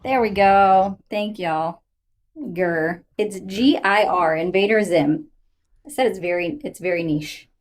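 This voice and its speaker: A woman's voice: mid-range voice, measured pace. A woman co-hosting a live stream, joking and teasing with a playful manner. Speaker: co-host.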